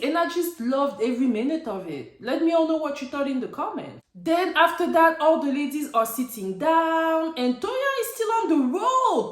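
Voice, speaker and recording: A woman casually recapping a reality TV episode, animated and slangy, laughing often. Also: high voice, echoey room. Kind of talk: casual chat.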